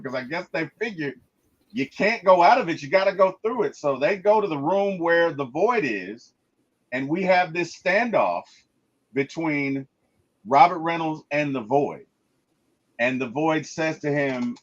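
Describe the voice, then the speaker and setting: A man gives a casual movie review in an emphatic way, often stammering and restarting as he retells what happens on screen. His voice sits a little high for a man. The recording is dull and lo-fi. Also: lively intonation, moderate pace.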